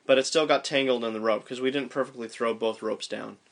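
A man casually recounting a descent down a mine shaft, animated and restarting his sentences as he thinks aloud. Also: mid-range voice, fairly quick, vocal fry. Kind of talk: casual storytelling chat.

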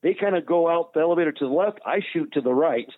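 A man recounts an old story in a relaxed, chatty way and acts out the quoted lines. His voice sits a bit high for a man. The sound is thin and phone-like, with a dry, close feel. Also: quick pace, no room sound. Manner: animated retelling with quoted dialogue. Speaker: former baseball pitcher. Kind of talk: casual storytelling. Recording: tinny phone line, dry.

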